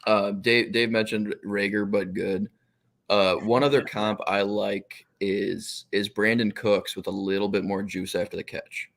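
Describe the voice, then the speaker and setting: A man guesting on a sports podcast, talking in a hesitant, halting way with lots of fillers. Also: on the low side, flat delivery, gravelly, a bit bright. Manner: hesitant, many fillers and restarts. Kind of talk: casual sports analysis.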